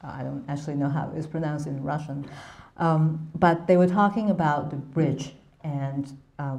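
A woman's voice: a bass voice, warm tone. A woman giving an academic lecture in a hesitant way, full of ums and restarts. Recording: roomy echo.

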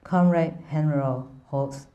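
A woman's voice: low voice, fairly even intonation, unhurried, warm tone, dull audio. A woman reading aloud the lines of a jovial male Russian general from a novel. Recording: roomy echo.

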